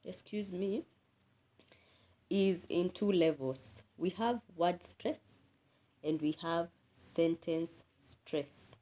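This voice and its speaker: A woman teaching an English lesson, explaining word stress and repeating example words slowly. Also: on the low side, huge pitch swings, fairly bright tone. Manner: slow, repeats key words and drills them aloud.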